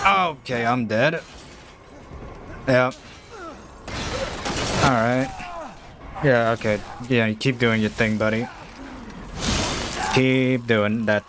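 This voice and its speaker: A man playing a horror game and talking through it casually, with slow, drawn-out remarks that jump to startled shouts and curses. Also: mid-range voice, fairly even intonation, background noise. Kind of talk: casual let's-play commentary.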